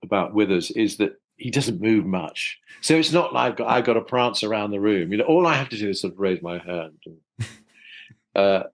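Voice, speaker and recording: A man from South London with a somewhat low voice talks as a guest in a relaxed interview. His speech is thoughtful and chatty, with frequent small restarts as he reaches for words. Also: moderate pace, low-quality recording. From South London, England. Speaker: voice actor guest. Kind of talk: casual interview chat.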